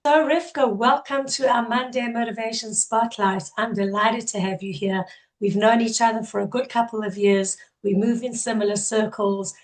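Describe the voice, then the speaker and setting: Hoarse South African woman hosting. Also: a little high, steady tone, normal speed. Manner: upbeat, effusive introductions. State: partly lost voice, hoarse. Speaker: podcast host. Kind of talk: interview podcast hosting.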